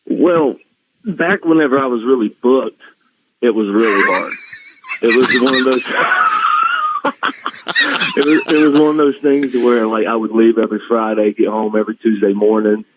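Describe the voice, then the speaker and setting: A man's voice: mid-range voice, wildly swooping pitch, normal speed, pauses often, very noisy. A man from the American South, a guest telling family stories in casual chat, often laughing. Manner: emotional storytelling with laughs. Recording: dull lo-fi line.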